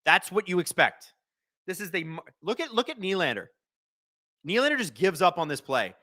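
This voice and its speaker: A man hosting a live watch-along stream with a bright, somewhat high voice. His pitch swings widely as he jokes and reads viewers' chat. The delivery is excitable and conversational. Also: normal speed. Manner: excitable, joking, chats with viewers.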